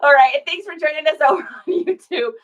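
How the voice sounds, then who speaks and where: High-voiced chatty woman livestream host. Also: a little fast, lo-fi sound. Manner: playful, sings along and jokes with viewers. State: out of breath. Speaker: online reseller livestream host. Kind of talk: casual livestream chat.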